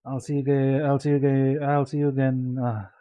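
A man's voice: medium pitch, little pitch movement, normal speed, no echo, lo-fi sound. A sleepy young man with a Filipino accent, mumbling to himself as he streams a game. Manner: mumbling to himself, code-switching into Tagalog. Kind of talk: casual gameplay commentary.

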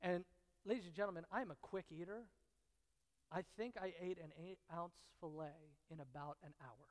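Preaching with a fairly high male voice, a pastor tells stories marked by repetition and dramatic pauses. Hushed, intimate passages give way to loud, excited bursts, and the large hall adds long reverb.

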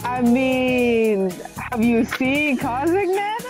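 A woman's voice: sits high, expressive, slow. A woman playing a joke game-show contestant, cheeky and brash. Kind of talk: casual joking game chat. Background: loud background music.

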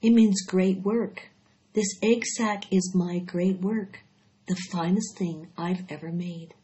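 A woman's voice: fairly low pitch, fairly even intonation, slow pace. A woman doing a weak, weary mother spider. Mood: calm. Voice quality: weak, quiet voice. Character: female spider, weary, gentle and wise. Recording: dull lo-fi recording.

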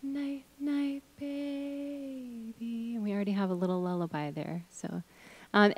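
A middle-aged woman runs a voice workshop, encouraging her audience and demonstrating with hums, chants and sung notes. Her voice is fairly low and a little mellow, recorded with no room sound.

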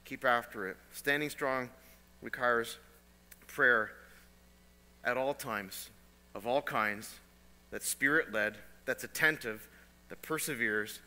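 Earnest preaching man, bright voice, hall reverb. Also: medium pitch, takes it slowly, long pauses. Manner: earnest preaching, repeats phrases, swings between soft and emphatic. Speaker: pastor. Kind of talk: sermon. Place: church sanctuary.

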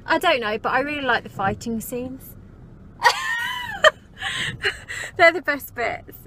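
A woman's voice: sits high, lively intonation, moderate pace, pushed and bright, slight background noise. A woman, chatting playfully. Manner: giggly and playful, coaching. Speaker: vlogger. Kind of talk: casual vlog chat, teaching an accent.

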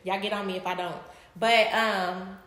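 A woman's voice: medium pitch, moderate pace. Chatty woman vlogging in an echoey room. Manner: chatty, addresses viewers as y'all; animated, laughing, acting out her past reactions. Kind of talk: casual chat to camera. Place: her home.

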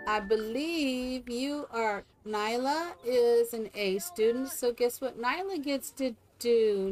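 A woman's voice: on the high side, darkish tone. A woman streaming a game live, chatting casually and coaxing her characters like a doting mother.

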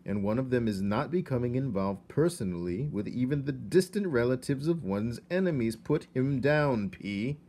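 Storybook king, pompous and commanding, booming, loud, slow, read by a man. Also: expressive. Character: stern pompous middle-aged human king.

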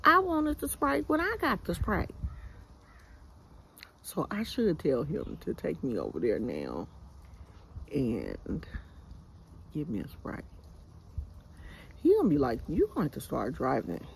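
Animated older Bay Area woman. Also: deep voice, slow, creaky, pauses often, slight background noise. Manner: animated, chatty, slangy storytelling. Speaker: vlogger. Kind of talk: casual storytelling to viewers. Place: outdoors in a home yard. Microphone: phone camera held by speaker.

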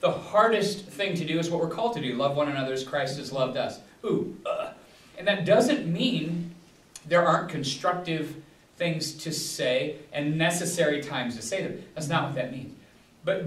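A man's voice: a little high, animated, moderate pace. Guy pastor rambling through a bible study, lots of restarts, echoey room far from the mic. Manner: rambling, digressive, many restarts and fillers. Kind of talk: casual teaching talk.

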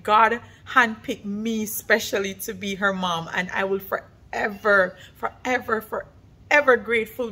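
A young woman with a fairly high voice talks straight to her camera as a mother and vlogger. She gushes with heartfelt feeling, repeats words for emphasis, and breaks into tearful little laughs between phrases. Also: fairly bright tone, husky. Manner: gushing and heartfelt, many repetitions. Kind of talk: emotional casual vlog talk.

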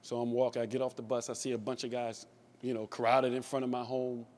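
A man's voice: mid-range voice, little pitch movement, fairly quick, darkish tone. Man telling stories at a memorial. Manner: storytelling, repeats and restarts words, laughs along. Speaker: former player giving a tribute speech. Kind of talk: anecdotal memorial speech.

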